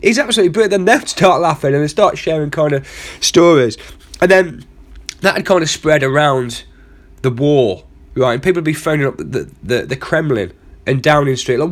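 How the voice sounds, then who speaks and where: A man's voice: on the high side, expressive, fairly quick. A man hosting a comedy podcast, telling a rambling, self-mocking story full of asides. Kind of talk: comic storytelling monologue.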